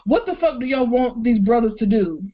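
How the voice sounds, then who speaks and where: A woman co-hosting a podcast in casual chat, outspoken and animated, laughing often. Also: a little high, brisk, highs cut off. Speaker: podcast co-host.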